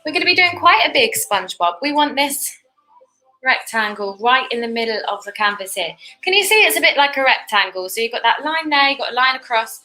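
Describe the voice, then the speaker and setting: A woman with a British accent teaching kids to paint step by step, chatty and encouraging. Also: a little high. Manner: encouraging, chatty, laughs easily. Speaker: art teacher co-host. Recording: echoey room with soft music.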